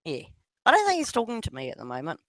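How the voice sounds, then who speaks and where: A woman's voice: medium pitch, wildly swooping pitch, fast, no room sound. A woman with a New Zealand accent in a casual voice chat, rambling, swearing freely and laughing often.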